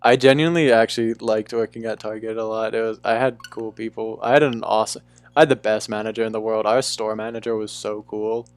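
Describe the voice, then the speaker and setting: A man's voice: fairly low pitch, steady tone, fairly quick, clean tone. A young man from Bermuda with a mixed, faintly English-tinged neutral accent, chatting casually and rambling on a live stream, swearing freely.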